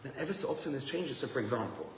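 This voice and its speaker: Animated rabbi in an echoey hall. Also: male voice, medium pitch, rapid-fire. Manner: animated, joking, self-deprecating. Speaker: rabbi, seminar teacher. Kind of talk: lively Torah seminar talk. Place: room with a live audience. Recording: echoey hall, faint noise.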